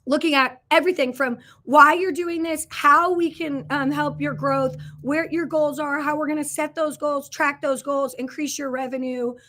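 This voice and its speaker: A woman's voice: high-pitched, steady tone, moderate pace, hardly any pauses, sharp tone. A woman in her thirties hosting a casual livestream as a business coach, talking earnestly with fillers and restarts and answering viewer comments. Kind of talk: casual livestream sales pitch.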